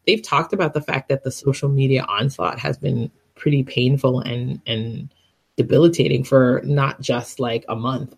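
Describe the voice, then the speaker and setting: A woman's voice: low-pitched, slightly rough. A woman co-hosting a podcast, talking in a thoughtful, hedging way with easy laughter. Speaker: podcast co-host. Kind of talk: casual chat.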